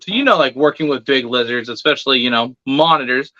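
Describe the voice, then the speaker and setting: A man casually telling a story in an animated way, swearing freely and acting out what people said. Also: medium pitch, fast talker, no room sound. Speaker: reptile keeper telling a story. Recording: dull, dry, lo-fi sound.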